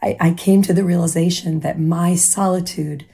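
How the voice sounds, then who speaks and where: A woman guest on a podcast, hoarse from bronchitis, talking in an effusive, candid way. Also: lowish voice, steady tone, normal speed, dark tone. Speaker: guest expert. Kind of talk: casual chat.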